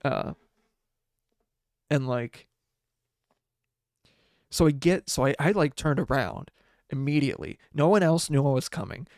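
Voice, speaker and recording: Young man, podcast host, gravelly voice, halting restarts, dry close sound. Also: medium pitch, lively intonation, darkish tone, no echo. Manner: halting, many restarts, laughs through sad parts. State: tearful. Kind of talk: casual storytelling monologue.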